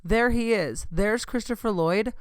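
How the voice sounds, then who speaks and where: A woman in her thirties hosting a podcast, telling a story in an excitable, gushing way that keeps interrupting itself. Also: medium pitch, a little slow, dry recording, clean studio sound. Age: 30s. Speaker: podcast host. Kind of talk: casual storytelling.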